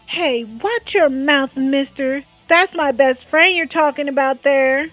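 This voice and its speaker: A bold schoolgirl from a webcomic who mothers and protects her friend, read aloud by a woman. She dotes and scolds in a fairly high voice. Faint music plays underneath. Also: takes it slowly, a bit bright, dry recording. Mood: doting.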